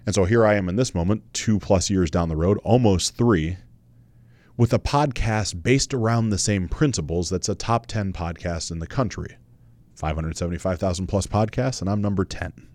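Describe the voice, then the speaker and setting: With a fairly low, slightly mellow voice at a moderate pace, the thirty-something host shares his own story on his podcast. He talks conversationally, candidly and earnestly, swearing casually and repeating phrases for emphasis. The sound is close and dry, without echo or room.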